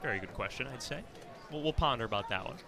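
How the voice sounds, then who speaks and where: A man doing relaxed color commentary at a baseball broadcast, reading listener emails aloud and joking with his partner. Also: medium pitch, quick pace. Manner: relaxed, joking, laughs easily. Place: outdoor ballpark broadcast booth. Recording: outdoor ballpark crowd behind. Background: ballpark crowd.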